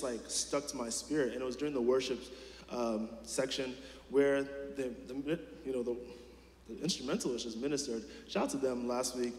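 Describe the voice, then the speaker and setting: In a church hall, a man preaches a casual, chatty sermon full of fillers and restarts, asking the congregation questions directly. His voice is mid-range with a darkish tone, and the hall is echoey with long reverb.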